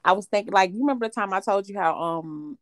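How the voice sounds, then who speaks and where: A woman's voice: medium pitch, fast, no room sound, clean studio sound. A woman in her thirties, co-hosting a podcast, tells a long profane story in casual chat and laughs often as she talks. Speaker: podcast co-host.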